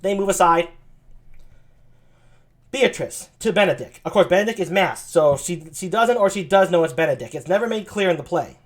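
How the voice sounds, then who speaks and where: A man's voice: high-pitched, animated, normal speed. A man reading a play aloud on a live stream, chatty, self-deprecating and full of hesitations.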